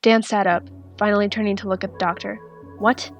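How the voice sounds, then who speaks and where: A woman narrating a fanfiction story in a steady, soft-spoken reading. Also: mid-range voice, quick pace, faint music behind. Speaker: fanfiction reader.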